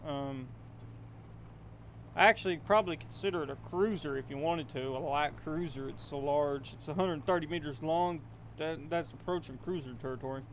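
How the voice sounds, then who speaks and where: A young man hosting his gaming channel, rambling to himself as he plays and quickly getting alarmed. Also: fairly high pitch, a little hiss or hum. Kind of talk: game commentary.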